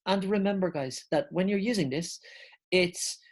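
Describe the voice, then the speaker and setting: Deep-ish husky woman teacher going over grammar, patient, spells stuff out. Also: moderate pace. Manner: patient, checks in with "okay?", spells words out letter by letter. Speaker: English teacher. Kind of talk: explaining a grammar lesson.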